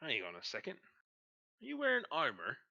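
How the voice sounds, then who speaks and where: A man's voice: mid-range voice, big pitch swings, fast talker, sharp tone, full character voice. A man voicing a suspicious, stern male city guard who asks curt, wary questions. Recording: dull lo-fi mic.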